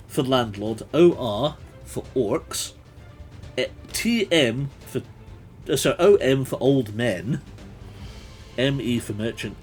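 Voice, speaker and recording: A man hosting a livestream as game master, reading a gamebook aloud and chatting with viewers, laughing often and thinking aloud. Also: medium pitch. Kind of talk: reading a gamebook live with chat.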